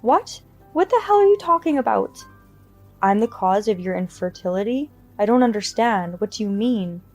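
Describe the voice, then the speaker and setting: A guilty grown man, voiced by a female storyteller begs and stammers through apologies in an audio story. The voice stays mellow and soft-edged, lifting higher and louder than her narration. Light music runs underneath. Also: moderate pace, close to an everyday voice. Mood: shocked. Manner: pleading and shaken. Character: remorseful grown man, a cheating ex-husband.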